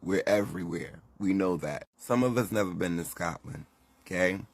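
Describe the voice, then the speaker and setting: A man's voice: sits low, moderate pace, slightly rough. A man delivering a heated, indignant rant to the camera, scolding and swearing. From United States. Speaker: social media commentator.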